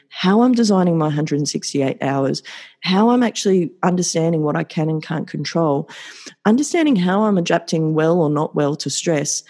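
A man's voice: on the high side, warm tone. A man hosting a solo podcast, talking in an upbeat, effusive and motivational way and repeating words for emphasis. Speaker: podcast host.

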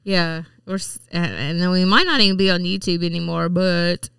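A woman joins in playful podcast banter with a bright, very crisp voice. She is a little off-mic, and the sound is dry. Her pitch sits in the middle of the range. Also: moderate pace, no room sound, far from the mic. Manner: playful, laughing often. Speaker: podcast co-host.

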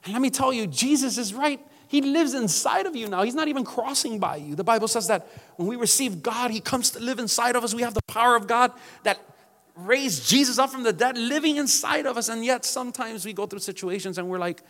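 A man's voice: extremely high pitch, expressive, fairly quick, fairly bright tone, in a large hall. A male pastor preaching a sermon emphatically, calling out to his congregation.

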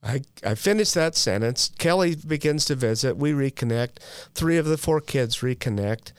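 A man in his forties tells his own story as a guest, frank and self-deprecating, dropping in wry jokes and slang. His voice sits at an ordinary middle pitch. It is recorded dry and close, with no room sound. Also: animated, moderate pace, clean tone, no echo. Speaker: guest sharing a recovery story. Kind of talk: candid personal storytelling.

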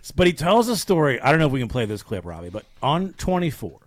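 A man speaks fast at medium pitch, recorded dry, as he co-hosts a podcast. He casually retells a behind-the-scenes story, acting out the quoted lines in an animated way.

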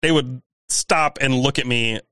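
A man's voice: medium pitch, unhurried, no echo. Man, faint southern accent, ranting podcast chat, dry close sound. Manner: ranting, animated, swears freely. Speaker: podcast co-host. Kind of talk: casual chat.

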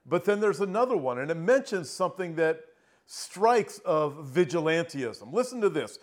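A middle-aged man preaching an earnest prophecy sermon, slowing down and rising in pitch as he reads scripture aloud. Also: very animated. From Southern California. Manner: earnest, emphatic, slows down and rises when reading scripture.

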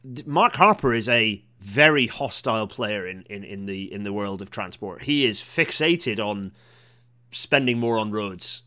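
A man's voice: medium pitch, pushed and bright. A man hosting a casual rail chat stream, rambling and waffling with lots of fillers and restarts. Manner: waffling, self-interrupting, with many fillers and restarts.

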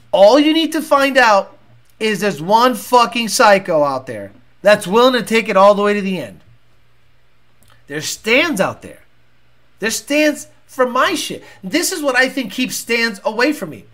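A man's voice: very high-pitched, fairly bright tone. A man hosting a talk show, ranting in a blunt, profane and combative way. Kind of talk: casual rant.

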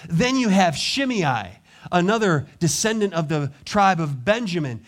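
A pastor preaching a sermon, acting out quoted voices and dropping to quiet intensity. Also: male voice, sits high, big pitch swings, measured pace.

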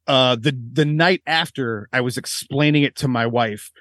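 A man's voice: medium pitch, normal speed, no room sound. A man co-hosting a podcast, telling crude stories in casual chat with a lot of laughter. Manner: crude, animated storytelling with frequent laughs. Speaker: podcast co-host.

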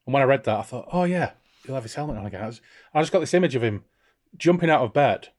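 A man co-hosting a book podcast, reading passages aloud expressively and chatting about them casually. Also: fairly low pitch. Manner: expressive reader, lifts voice for quoted characters. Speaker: podcast co-host reading and discussing a novel.

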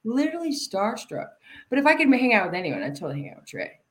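A woman's voice: a little high, sing-song, quick pace. A woman chatting casually as a guest, giggly and self-deprecating, often trailing off mid-sentence. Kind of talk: casual chat.

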